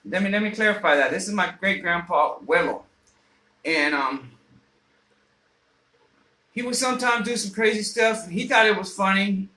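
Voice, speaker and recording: Man, high voice, casual rambling storyteller, swears a lot, radio host, echoey room. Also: lively intonation, normal speed, pauses often, sharp tone. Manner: rambling, profane, frequent fillers and restarts. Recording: roomy echo.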